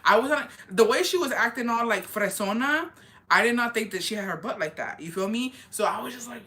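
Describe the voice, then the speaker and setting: A woman's voice: a little high, expressive, brisk, bright, forceful tone. Profane, rambling young woman telling a story. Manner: profane, rambling, filler-heavy, laughs at herself. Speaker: vlogger. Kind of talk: casual storytime confession.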